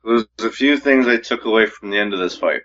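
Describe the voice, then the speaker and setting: Man, forceful voice, conversational, muffled lo-fi recording. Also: on the low side, a little fast. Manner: conversational, asks questions. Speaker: podcast co-host. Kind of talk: casual MMA talk. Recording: dull lo-fi mic.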